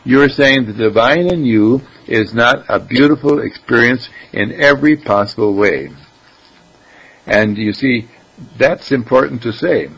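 Gravelly, husky man giving a spiritual talk. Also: medium pitch, a little slow, a bit bright, poor audio. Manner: rhetorical questions, conversational asides, throat clearing. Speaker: spiritual teacher.

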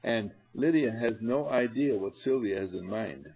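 A husky-voiced man leads a spiritual seminar in an animated, coaxing way. His pitch swings widely as he speaks straight to the people in front of him, and he laughs easily. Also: unhurried, rough recording. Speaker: seminar leader. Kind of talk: spiritual seminar talk to a group.

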